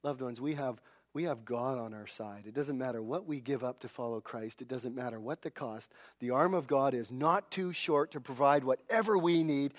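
A man's voice: medium pitch, normal speed. A middle-aged male pastor preaching a sermon in church, earnest and emphatic, with a self-deprecating humor.

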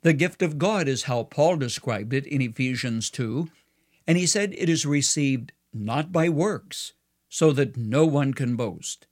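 A man delivering a scripted devotional radio commentary in an earnest, measured and persuasive way. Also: mid-range voice, expressive, darkish tone.

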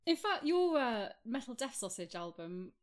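Teasing British woman, quick dry quips. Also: a little high, sing-song. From United Kingdom. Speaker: podcast co-host. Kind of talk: casual chat.

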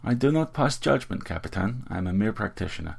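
A man with a low voice reading the lines of an unflappable woman sorceress, soft and quiet. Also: expressive, fast, vocal fry, breathy edge, exaggerated voice. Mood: soft calm.

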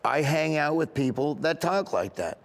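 A middle-aged man with a Southern US accent, a comedian telling stories in a casual interview, rambling and animated. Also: fairly high pitch, moderate pace. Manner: rambling, animated, acts out other voices. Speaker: comedian guest.

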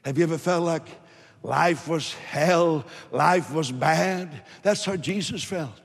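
Male pastor, emphatic sermon delivery, slightly high voice, long hall reverb. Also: takes it slowly, creaky, husky. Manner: emphatic preaching, rising loud then dropping low.

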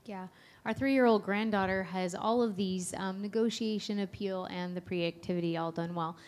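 A woman's voice: medium pitch, steady tone, moderate pace, darkish tone. A middle-aged grandmother shares a story on stage in a mid-range voice. Her delivery is chatty and easy, like she is talking with friends. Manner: chatty storytelling about family. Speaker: co-speaker, grandmother. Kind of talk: conference talk.

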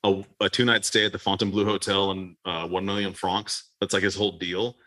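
Dude hosting a podcast, lowish bright voice, swears a lot, rambles and laughs. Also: male voice, level tone, a little fast. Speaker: podcast host. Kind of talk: casual podcast chat.

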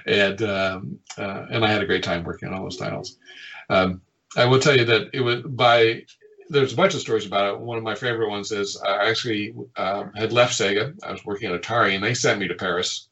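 A middle-aged man, a game designer, telling stories from his past work in a lively way, often chuckling and acting out what people said. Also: lowish voice, brisk, lo-fi sound. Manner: lively storyteller who chuckles often and acts out quotes. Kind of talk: reminiscing anecdotes in an interview.

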